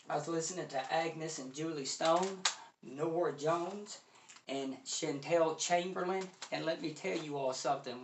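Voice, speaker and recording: A man giving an effusive, excited review of audio gear, talking straight to his viewers and calling them "you all" again and again. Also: fairly high pitch, roomy sound. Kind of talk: enthusiastic product review.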